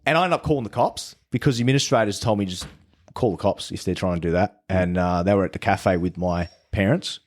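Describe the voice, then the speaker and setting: A man's voice: deep voice, quick pace. A man who is a podcast guest tells his story in casual chat. He swears freely and often restarts his sentences.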